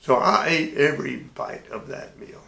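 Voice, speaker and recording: An older man and navy veteran telling a sea story in a folksy, animated way. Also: fairly high pitch, normal speed, gravelly, roomy sound. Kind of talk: casual spoken anecdote.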